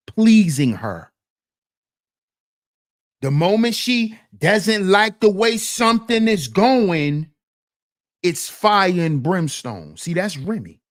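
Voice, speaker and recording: A man's voice: high-pitched, very animated, slow pace, pauses often. A man hosting a commentary channel, talking in a casual, slang-heavy, emphatic way.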